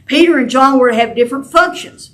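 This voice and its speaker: A woman's voice: high voice, fast talker. An older woman teaching a women's Bible study lesson, talking earnestly and conversationally and often restarting her sentences.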